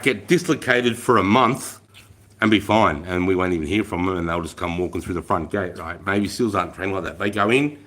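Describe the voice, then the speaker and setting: Swearing Australian army veteran telling stories. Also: male voice, on the low side, pushed and bright. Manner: swears constantly, laughs while telling war stories. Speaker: livestream host, army veteran. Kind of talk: casual storytelling on a livestream.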